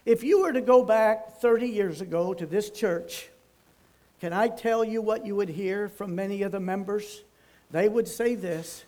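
Older male pastor, folksy storyteller, emphatic, high-pitched. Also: normal speed, darkish tone. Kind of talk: sermon.

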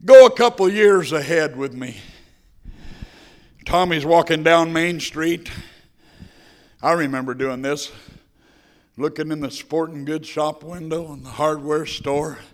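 Impassioned male preacher telling a story. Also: fairly high pitch. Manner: impassioned, swings between hushed and loud. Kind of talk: sermon with storytelling.

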